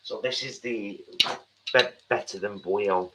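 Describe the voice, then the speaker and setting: A man's voice: on the low side, a little slow, heavy background noise. A man, chatting playfully while cooking in a home kitchen on a live stream. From England. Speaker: cooking show co-host.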